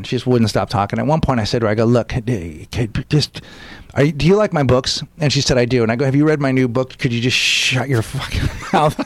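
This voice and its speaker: A comedian talks through his stories with lively energy, dropping into voices for the people he quotes. The sound is dry and close, with no room around it. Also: medium pitch, no room sound. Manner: animated, acts out quotes in character voices. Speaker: stand-up comedian, guest. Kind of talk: casual interview storytelling.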